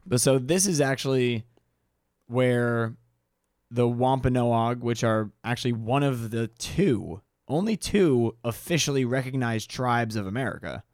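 A man's voice: medium pitch, a little slow, a little mellow, no echo, studio quality. Rambling male podcast storyteller. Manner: rambling, teasing, many fillers and restarts. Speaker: podcast co-host.

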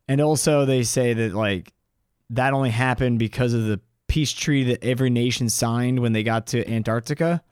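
A man co-hosting a podcast in casual chat, animated and mocking as he quotes people in a raised voice. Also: medium pitch, normal speed, clean tone, no room sound, studio quality. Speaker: podcast co-host.

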